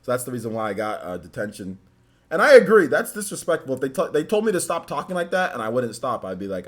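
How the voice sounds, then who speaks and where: A man hosting a casual livestream chat, telling animated stories and laughing often. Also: mid-range voice, fast. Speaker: host. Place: indoors under studio lights. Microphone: on camera.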